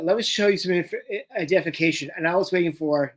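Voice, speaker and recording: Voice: medium pitch, fairly even intonation, fast talker, hardly any pauses. A co-host chatting casually and enthusiastically during a live watch-along. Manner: chatty, enthusiastic fan banter. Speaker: podcast co-host.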